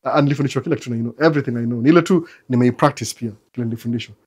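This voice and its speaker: A man's voice: mid-range voice, very fast, darkish tone, husky. A man with a Kenyan accent hosting a casual livestream, chatting with viewers in a loose, talkative way full of restarts. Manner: code-switching, chatty, stammering restarts. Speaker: livestream host answering viewers.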